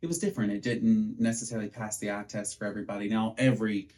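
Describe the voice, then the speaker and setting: A man, co-hosting a podcast. He tells coaching stories in a lively, animated way and acts out what people said. His voice sits a little low. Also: fast talker. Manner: animated storyteller, acts out quotes. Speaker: podcast co-host, pitching coach. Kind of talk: casual chat.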